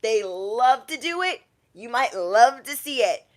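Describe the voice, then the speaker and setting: A woman's voice: on the high side, animated, a little slow. A young adult woman, a tarot reader, talking casually on a livestream and acting out quoted people in shifting voices.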